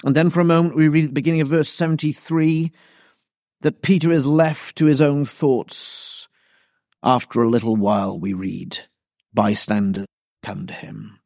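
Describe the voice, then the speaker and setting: A man preaching an expository sermon, deliberate and emphatic. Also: medium pitch, fairly even intonation, creaky, a little mellow, no echo, studio quality.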